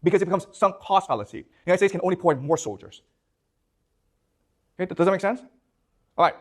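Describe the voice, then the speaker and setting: In a high-pitched, animated voice, a man delivers a class lecture at a quick pace. He keeps throwing questions at the students and checking in constantly: "okay? you understand?"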